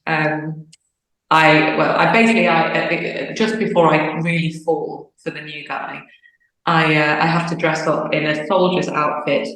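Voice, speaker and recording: A woman's voice: deep voice, a little slow. A young woman, an opera singer, chatting casually in an interview and acting out bits of dialogue. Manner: chatty, animated, acts out little quoted bits of dialogue. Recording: echoey room.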